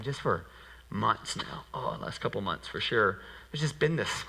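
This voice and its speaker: A man's voice: fairly low pitch, big-room sound, rough recording. A man preaching a sermon as pastor, talking in a casual, conversational way with frequent rhetorical asides. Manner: conversational and animated, with many rhetorical "right?" asides. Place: church sanctuary. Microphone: handheld microphone.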